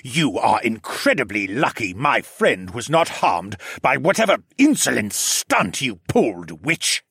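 A man's voice: mid-range voice, very animated, measured pace, vocal fry, few pauses, a bit bright, slightly rough, dry recording, clean studio sound, exaggerated voice. A man voicing a fierce, protective raptor man in an audiobook, snapping out his words indignantly. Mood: angry. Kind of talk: audiobook character voice.

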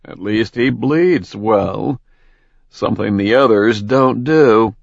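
A man's voice: fairly low pitch, takes it slowly, vocal fry, no room sound, highs cut off, heavily acted. A man voicing a stern, ruthless male god who speaks coldly and curtly. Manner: cold, stern, clipped.

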